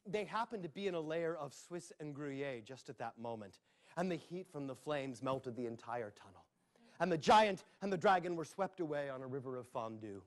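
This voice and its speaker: Speaking at normal speed, this expressive storyteller has a voice on the high side. He entertains children at a public library with a playful tale, complete with sound effects and asides.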